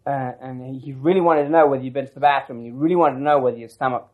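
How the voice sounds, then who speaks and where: A man's voice: mid-range voice, steady tone, racing, narrow, tinny audio. A man telling a long personal story as an interviewee, reflective and rambling, with frequent restarts and asides. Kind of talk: oral history storytelling.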